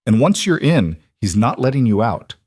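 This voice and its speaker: A man playing a quiet, steady rancher who speaks in a measured, matter-of-fact way. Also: fairly low pitch, dry recording, studio quality. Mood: intense.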